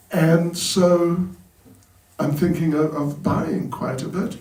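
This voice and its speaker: Slow-talking monk in a roomy temple hall. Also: male voice, fairly high pitch, steady tone, darkish tone, distant mic. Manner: humorous, chuckles at his own jokes. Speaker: monk giving a talk at a temple. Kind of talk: storytelling sermon.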